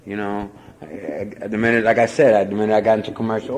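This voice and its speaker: A man's voice: lowish voice, level tone, fast, darkish tone, slight background noise, low-quality recording. A man giving a rambling, self-mocking personal testimony at a convention, full of "you know" fillers. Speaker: speaker sharing recovery story at a convention.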